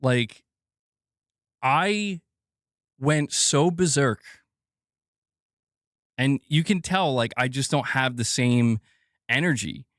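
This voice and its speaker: A man's voice: mid-range voice, expressive, takes it slowly, long pauses, fairly bright tone, no echo, studio quality. A man hosting a live gaming news stream, ranting casually and swearing as he talks to his chat.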